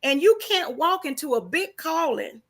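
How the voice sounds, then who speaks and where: A woman's voice: high voice, sing-song, moderate pace, a bit bright. A woman in a casual, faith-based conversation, talking emphatically and preachily with many rhetorical questions.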